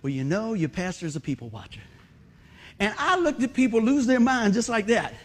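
A middle-aged man preaching a sermon, folksy and conversational, telling animated stories and joking with the congregation. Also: high voice, moderate pace. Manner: animated storytelling, acts out shouts and exclamations. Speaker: pastor.

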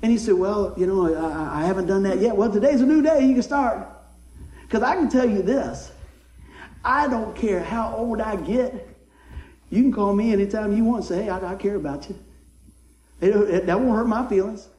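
Folksy preacher man, high voice. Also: moderate pace, long pauses, echoey room, poor audio. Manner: folksy, animated, rises to excited shouts then drops soft. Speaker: pastor. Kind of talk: sermon. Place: church sanctuary.

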